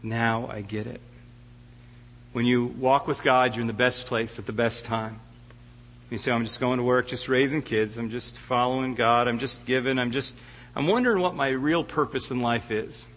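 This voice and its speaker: A man's voice: mid-range voice, steady tone, moderate pace, a bit bright, long reverb tail. A middle-aged man preaching a heartfelt sermon as a guest preacher, often stammering and restarting his words. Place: church sanctuary.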